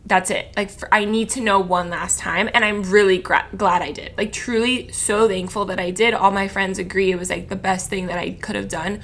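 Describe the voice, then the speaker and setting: A woman's voice: medium pitch, steady tone, fairly quick, few pauses, fairly bright tone. A woman in her twenties from Florida, a podcast guest in a candid chat, rambling and emotional with lots of "like". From Florida, USA. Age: 20s. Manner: rambling and emotional, heavy use of "like".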